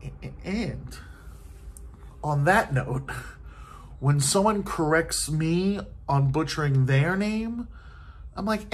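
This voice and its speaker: A man's voice: a little high, lively intonation, moderate pace, fairly bright tone. A man in a casual, rambling rant from a hotel room, loose and exasperated, swearing often and leaning on filler words. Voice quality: profane, loose, exasperated delivery with many fillers. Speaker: vlogger. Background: faint TV noise.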